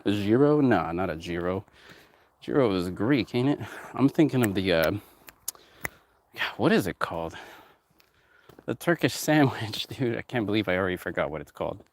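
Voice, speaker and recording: He's a music producer who owns a label and runs a production company, with a fairly low pitch and lively intonation at a normal speed. Long pauses break up his rambling, topic-hopping chat, which is heavy on profanity.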